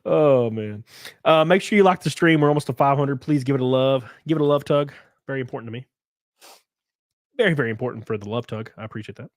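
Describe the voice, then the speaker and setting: A man's voice: mid-range voice, quick pace, no room sound. A man with a Southern US accent chatting casually on a live stream, reading chat aloud, swearing freely and laughing often.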